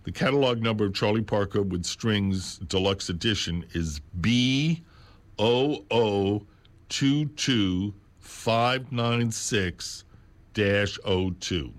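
A low-pitched man speaks slowly and deliberately into a studio microphone, hosting a radio program. He talks unscripted, pausing to spell out details with care. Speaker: radio host. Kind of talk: unscripted radio talk about records. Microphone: studio mic on a stand.

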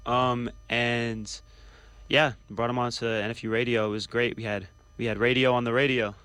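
Man, from New York, co-host, bright tense tone, rambling casual talk. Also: medium pitch, flat delivery, moderate pace, smooth, no echo. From Washington Heights, New York. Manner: rambling, full of fillers. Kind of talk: casual podcast chat.

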